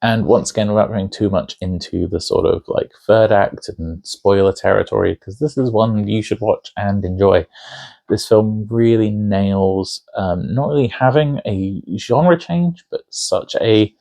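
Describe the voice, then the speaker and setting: Gravelly and dark, his lowish voice unhurried, a man chats through casual, opinionated film commentary as host of a review video. He's enthusiastic and keeps drifting into asides.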